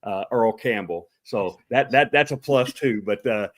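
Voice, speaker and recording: A man's voice: lowish voice, unhurried. A man with an East Texas accent hosting a live chat show, rambling with lots of fillers and restarts. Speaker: host.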